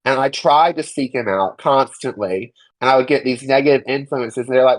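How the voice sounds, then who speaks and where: A young adult speaking with blunt, indignant emphasis, slipping into mocking impressions of others. The voice sits at an ordinary middle pitch. The recording is dry and close, with no room sound. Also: moderate pace, hardly any pauses, dry recording, rough recording. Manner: emphatic, indignant, swears freely and mocks others in quoted voices. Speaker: interview guest. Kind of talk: candid personal testimony.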